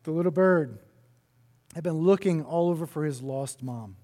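High-voiced male preacher in a reverberant hall. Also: normal speed. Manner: animated storytelling, chatty asides to the congregation. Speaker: pastor. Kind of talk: sermon.

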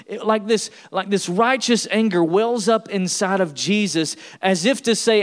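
A man's voice: high-pitched, unhurried, few pauses. A man preaching a sermon as pastor, emphatic and building to repeated refrains.

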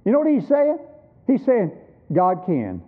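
This high-pitched man in his sixties swings hugely in pitch and talks a little slowly while preaching at a church missions conference. Emphatic and instructive, he poses rhetorical questions, and the sound is tinny, as if over a phone.

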